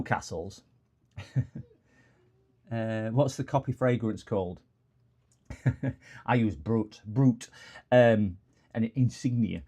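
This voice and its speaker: Rambling northern English man, mellow voice. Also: on the low side, measured pace, pauses often. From northern England. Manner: rambling, digressive storyteller. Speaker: electronics repair streamer. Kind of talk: casual live-stream chat.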